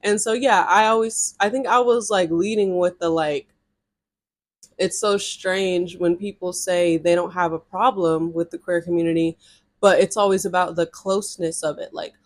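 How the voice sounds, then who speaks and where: A woman's voice: fairly low pitch, normal speed. Chatty young woman telling a story. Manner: chatty and animated, with heavy use of "like" and reenacted dialogue. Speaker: storytime vlogger. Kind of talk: casual storytelling to camera.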